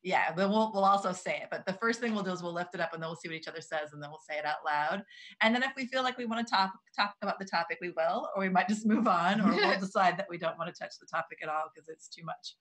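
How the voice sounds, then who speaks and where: Woman podcast co-host, lower register, casual, self-deprecating chatter. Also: fast talker, a bit bright. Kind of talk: casual chat.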